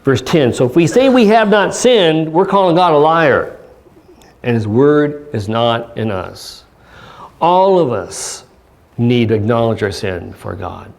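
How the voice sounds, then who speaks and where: A man pastor giving a church sermon, speaking earnestly with pauses and reading scripture aloud. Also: mid-range voice, sing-song, creaky. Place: church service.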